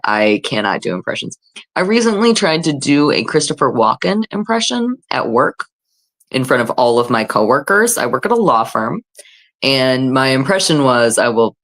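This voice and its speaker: A woman hosting a casual livestream, reading chat comments aloud and chatting in a self-deprecating, filler-heavy way. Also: extremely low pitch. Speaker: livestream host.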